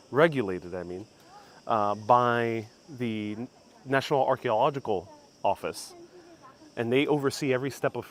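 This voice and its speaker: A man whose first language is Spanish hosts a live walking tour outdoors and reads viewer comments aloud in a casual, self-correcting way. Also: medium pitch. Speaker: travel vlog host. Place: outdoors in old town streets. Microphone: phone on gimbal with clip-on mic.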